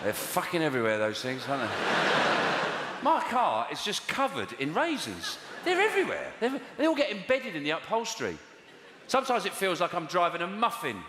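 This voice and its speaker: Exasperated London comic with a lively voice. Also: male voice, a little fast, very noisy. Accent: London English. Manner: conversational, exasperated, jumps to high squeals for emphasis. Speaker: stand-up comedian. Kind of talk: stand-up comedy routine. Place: large theatre stage before a live audience. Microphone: stage microphone. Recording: roomy hall reverb, loud audience laughter.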